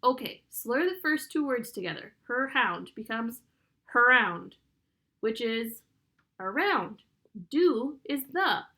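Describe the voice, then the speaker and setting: A woman's voice: a little high, expressive, takes it slowly, a bit bright, heavily acted. A woman voicing an eager, impatient boy who solves puzzles, in an urgent, coaxing voice.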